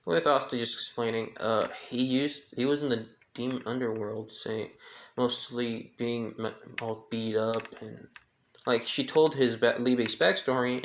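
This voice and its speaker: Guy slowly retelling a fan story, rambly, trips over the names, plain mid voice. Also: mid-range voice, steady tone, slight background noise. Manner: rambling, halting, loses track of names.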